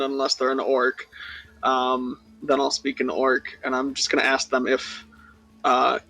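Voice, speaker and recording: A man taking part as a player in a tabletop role-playing game, speaking in a measured way and searching for words. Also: mid-range voice, gravelly, a bit bright, rough recording.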